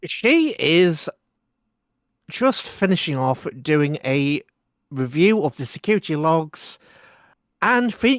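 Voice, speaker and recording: A player in a tabletop game describes their character with a lively, animated voice. The sound is dry and close. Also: medium pitch, no echo.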